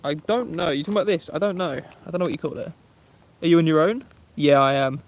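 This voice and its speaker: A friendly young man with an Essex English accent talks casually on a live stream, greeting viewers by name. His voice sits a touch high for a man. He speaks outdoors from a woodland campsite. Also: fast. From England. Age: 20s. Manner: chatty, friendly, reads viewer names aloud. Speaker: vlogger. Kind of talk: live-stream chat, reading comments.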